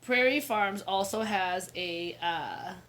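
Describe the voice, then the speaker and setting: A woman's voice: mid-range voice, slow pace, fairly bright tone. A woman in her thirties co-hosting a casual chat show, telling stories in a chatty way and laughing often. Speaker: podcast co-host.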